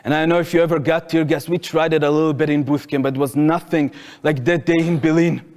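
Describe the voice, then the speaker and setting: A man's voice: on the high side, fairly even intonation, quick pace, a little mellow, big-room sound. A man in his twenties with an Israeli accent, retelling his own story to an audience in vivid present tense. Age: 20s. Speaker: speaker at a public talk. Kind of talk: first-person storytelling to an audience. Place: lecture hall.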